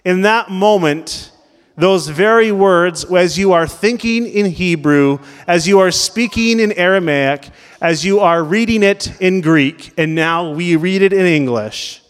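A man's voice: high-pitched, unhurried, clean tone. A man preaching a sermon as pastor in a conversational way, asking the congregation questions. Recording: long reverb of a large hall.

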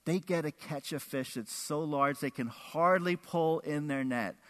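A man pastor preaching a sermon, animated, acting out quotes with big swings in his voice. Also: fairly high pitch, unhurried. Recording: echoey hall with long reverb.

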